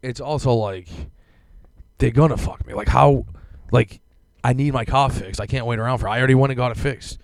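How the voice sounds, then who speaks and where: A young man tells a long, profane complaint on a podcast, words tumbling out quickly. His voice has a gravelly, fried edge. The sound is dry and close. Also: medium pitch, dry recording. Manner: ranting, profane storytelling with many fillers. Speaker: podcast co-host. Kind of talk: casual podcast banter.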